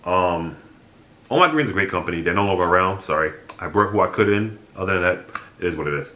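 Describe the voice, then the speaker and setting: A young man talking straight to his viewers, telling a story in a blunt, animated way and swearing freely. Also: low voice, quick pace. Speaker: vlogger. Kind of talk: casual storytelling monologue. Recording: echoey room.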